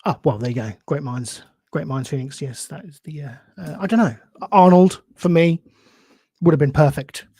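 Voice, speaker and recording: Halting, rambling podcast host man. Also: fairly high pitch, mellow, slightly rough, no room sound, clean studio sound. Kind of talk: casual chat reading viewer comments.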